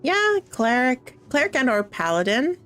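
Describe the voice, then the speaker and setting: A woman's voice: high-pitched, sing-song, measured pace, a bit bright, faint music behind. A young woman from Canada chatting cheerfully on a live stream, laughing often as she talks with her viewers. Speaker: streamer and game host. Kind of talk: casual live-stream chat.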